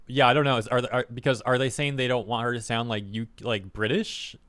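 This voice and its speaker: Man, streamer, casual reaction commentary, rambling, exasperated, medium-pitched voice. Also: flat delivery, a little fast, fairly bright tone.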